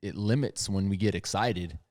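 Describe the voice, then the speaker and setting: Male podcast host, thirties, deep and soft-spoken, loose conversational restarts. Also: moderate pace. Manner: low, soft-spoken radio voice, rambling restarts. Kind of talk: casual chat. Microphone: studio podcast mic.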